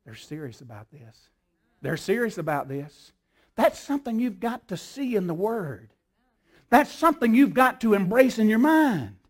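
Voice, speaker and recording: Older male pastor, high voice, emphatic repetitive sermon delivery. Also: sing-song, moderate pace. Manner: emphatic, repetitive preaching cadence.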